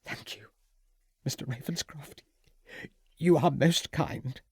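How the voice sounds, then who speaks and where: A man voicing a distressed, genteel widowed hostess who speaks softly and politely. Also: low voice, takes it slowly, slightly rough, dry recording, studio quality, voice pushed up, heavily acted. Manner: soft, shaken and polite.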